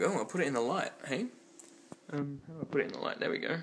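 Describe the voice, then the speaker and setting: A young man, chatting excitedly and rambling in a home vlog, full of ums and likes. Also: on the high side, quick pace. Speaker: vlogger. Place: home kitchen. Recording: echoey room with faint background noise.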